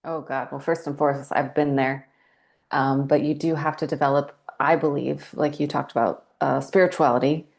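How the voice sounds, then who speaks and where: A woman in her forties speaks as a podcast guest, her voice sitting low with a gravelly, fry-tinged edge. She tells her story calmly and reflectively, at an even, measured pace. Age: 40s. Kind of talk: candid interview talk.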